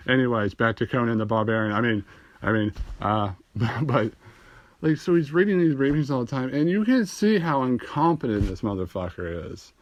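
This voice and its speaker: A man's voice: mid-range voice, animated, normal speed, dry recording, muffled recording. Rambling, profane young man doing phone comedy. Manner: rambling, profane, laughs at own jokes. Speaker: amateur comedian. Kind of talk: stand-up comedy monologue. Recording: phone recording.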